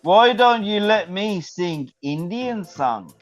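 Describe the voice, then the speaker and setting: A man's voice: sits high, expressive, slow, highs cut off, faint music behind. A man with an English accent, a guest on a live stream, laughing, swearing and teasing, and sounding tipsy and drowsy. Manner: laughing, profane, playful. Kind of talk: casual live stream banter.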